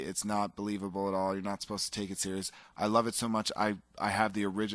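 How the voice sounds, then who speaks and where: Guy with a lowish voice gushing about old movies, dry close sound. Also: fairly bright tone, no echo. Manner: enthusiastic, rambling with restarts. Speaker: podcast co-host. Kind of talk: casual chat.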